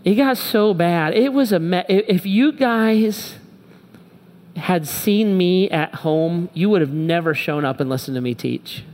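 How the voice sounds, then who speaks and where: A middle-aged pastor giving a sermon, speaking candidly and emphatically and repeating short phrases. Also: male voice, fairly high pitch, a little mellow. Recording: long reverb from a large hall.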